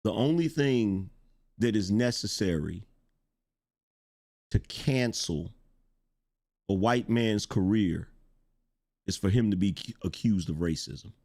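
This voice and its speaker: A man's voice: lowish voice, expressive, slow, long pauses, warm tone. A middle-aged man hosting a live-stream commentary show, reading viewer chat in a blunt, emphatic way, repeating lines for effect and swearing.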